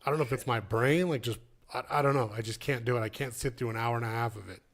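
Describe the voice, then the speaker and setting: A man's voice: mid-range voice, fast talker. A man guesting on a podcast as a comedian, speaking in a laid-back, hesitant way. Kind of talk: casual chat.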